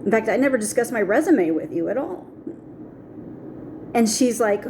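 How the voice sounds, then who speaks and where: A woman's voice: on the high side, normal speed, noisy background. A middle-aged woman telling a personal story in a vlog, acting out the voices of people she quotes. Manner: animated, acts out quoted voices. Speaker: vlogger.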